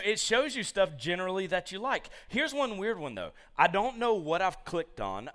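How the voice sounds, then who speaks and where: A male preacher in a sermon to a live congregation, his voice sitting fairly high and swinging widely up and down. He tells stories in a jokey way, peppered with asides. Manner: animated, jokey storytelling with many asides.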